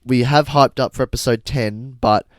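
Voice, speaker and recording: A young man co-hosting a podcast, joking in animated casual banter. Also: medium pitch, moderate pace, no room sound, clean studio sound. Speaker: podcast co-host. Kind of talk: casual chat.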